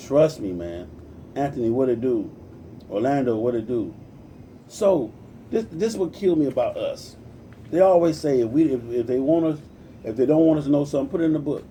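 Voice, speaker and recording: Man in his forties, from compton, livestream rant, preachy and profane, very dark tone, faint background noise. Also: mid-range voice, lively intonation, moderate pace, far from the mic. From Compton, California. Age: 40s. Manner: profane, preachy, greets viewers by name. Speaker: livestream host.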